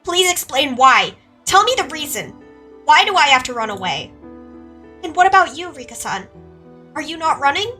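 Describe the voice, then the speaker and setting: A woman voicing a frightened teenage schoolgirl in a game, pleading in a strained voice that climbs high. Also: lively intonation, moderate pace, long pauses, pushed and bright, faint music behind. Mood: panicked pleading.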